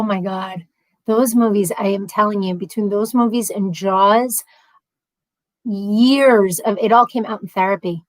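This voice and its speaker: A middle-aged woman chatting on a casual livestream, reading viewer comments aloud in a lively, animated way. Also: mid-range voice, no echo, low-quality recording. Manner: chatty and animated, laughs often.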